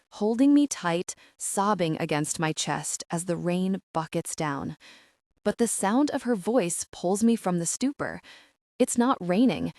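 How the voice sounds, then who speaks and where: A woman's voice: fairly low pitch, darkish tone, dry recording, clean studio sound. A woman narrating a first-person romance audiobook in an emotional, dramatic reading.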